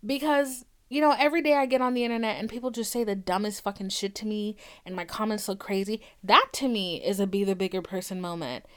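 A woman's voice: mid-range voice, quick pace, few pauses, clear, resonant tone. A young woman hosting a podcast, talking bluntly and with lots of swearing, acting out arguments she has had. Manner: blunt, profane and animated, acting out quoted arguments. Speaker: podcast host. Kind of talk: candid podcast talk.

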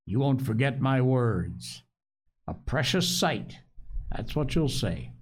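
A cunning, anxious old castaway pirate, put on by a male reader, rambling in a wheedling, rustic way. His pitch rises and dips in lively swings, and he takes his time over every phrase. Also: takes it slowly.

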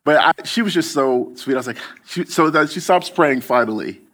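A man's voice: a little high, lively intonation, normal speed, a bit bright. A man preaching a casual storytelling sermon, loose and chatty, with many fillers and restarts.

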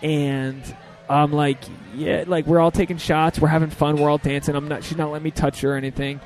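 Brief: young male comic host, slightly high voice, lively profane storyteller. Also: a little fast, soft background music. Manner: animated, profane, acts out quotes. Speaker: podcast host and stand-up comedian. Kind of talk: casual storytelling chat.

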